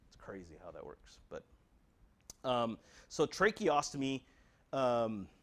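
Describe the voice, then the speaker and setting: A man's voice: medium pitch, big pitch swings, slow pace. Earnest American man teaching patients. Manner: earnest, direct, asks rhetorical questions. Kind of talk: educational talk to patients and families.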